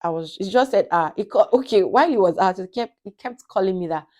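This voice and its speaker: A young Nigerian woman vlogger with a Nigerian accent, telling a personal story in a casual, animated way and acting out the dialogue. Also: medium pitch, fast. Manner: animated, acts out quoted dialogue.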